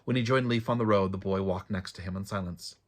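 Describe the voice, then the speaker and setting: Deep-voiced man reading fiction aloud. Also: quick pace. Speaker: author. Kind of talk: reading his own fantasy novel aloud.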